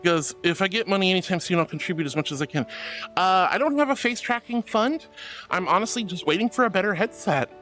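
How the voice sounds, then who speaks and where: A woman's voice: lowish voice, lively intonation, quick pace, a bit bright, faint music behind. A woman VTuber chatting casually on a livestream, gushing thanks to her viewers with cutesy words. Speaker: VTuber streamer. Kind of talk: casual livestream chat reading chat. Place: VR streaming setup, indoors.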